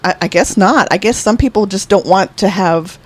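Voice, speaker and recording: A woman co-hosting a podcast, telling celebrity news in casual chat with relaxed, giggly storytelling. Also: medium pitch, moderate pace, husky. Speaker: podcast co-host.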